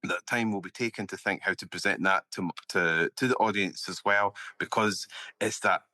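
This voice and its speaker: Man, interview host, very low voice, bright tone, hesitant with fillers. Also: moderate pace. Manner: hesitant, many fillers and restarts. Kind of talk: casual interview conversation.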